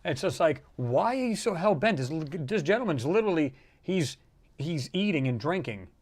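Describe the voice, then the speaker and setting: A man hosting a casual livestream, rambling and animated as he reads out viewer comments and reacts to them. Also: a little high, normal speed. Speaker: livestream host.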